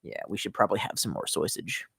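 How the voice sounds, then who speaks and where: A man's voice: fairly low pitch, fast, gravelly, sharp tone, breathy edge, no echo, studio quality. A young man chatting casually on a live stream, reading comments aloud and rambling with lots of swearing while a bit tipsy from wine. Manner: rambling, profane, reads chat aloud.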